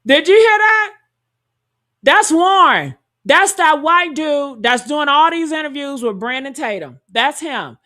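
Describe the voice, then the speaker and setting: Indignant woman, high voice, loud profane reaction commentary, fired-up streamer. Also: animated, measured pace, hardly any pauses.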